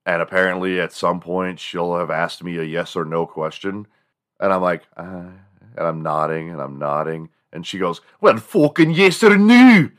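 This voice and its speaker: A man hosting a comedy podcast, spinning casual stories. He rambles freely and swears often. His voice sits on the low side. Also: flat delivery, normal speed, fairly bright tone, clean tone. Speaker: podcast host.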